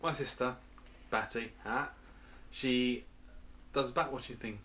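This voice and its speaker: A man's voice: medium pitch, fairly even intonation, a little slow, bright, forceful tone, a little hiss or hum. A man co-hosting a podcast in casual chat, playful and stumbling over his words. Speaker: podcast co-host.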